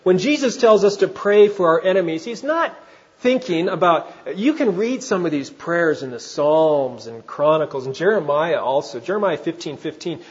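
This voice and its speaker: Pastor guy preaching, kinda high voice, chatty, asks the crowd stuff, muffled lo-fi audio. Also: lively intonation, moderate pace. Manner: conversational preaching with questions to the congregation. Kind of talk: sermon.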